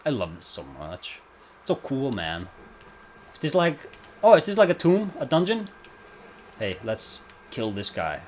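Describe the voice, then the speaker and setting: A man's voice: fairly high pitch, huge pitch swings, measured pace, pauses often, darkish tone, a little hiss or hum. Rambling man streaming a game. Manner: rambling, easily distracted, swears, laughs at himself. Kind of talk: casual gameplay commentary.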